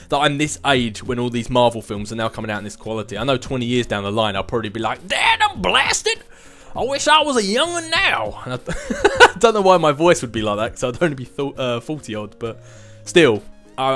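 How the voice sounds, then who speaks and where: This is a fairly bright, lowish male voice. He's in his twenties, chatting casually on his vlog as he wanders through viewer questions and pokes fun at himself along the way.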